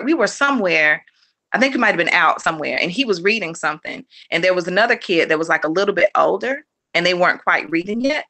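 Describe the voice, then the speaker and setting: A woman and homeschooling mother, a guest in a casual interview. She talks in a rambling, animated way, with many fillers and restarts and quick laughs, and she acts out her children's lines. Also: medium pitch.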